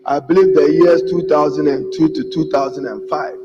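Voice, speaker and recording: Ghanaian male legislator, high voice, emphatic floor speech, muffled audio with long hall reverb. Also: steady tone, normal speed, over loud music. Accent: Ghanaian English. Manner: emphatic, repeatedly addressing the Speaker. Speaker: member of parliament. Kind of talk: parliamentary debate speech. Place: parliament chamber.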